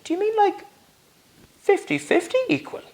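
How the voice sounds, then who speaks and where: Man putting on a stammering young Irishman, pitched way up high, loud and breathless, storybook telling. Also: very animated, normal speed. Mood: eager. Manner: stammering, breathless, laughing with joy. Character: overjoyed young Irish captive jeweler, male.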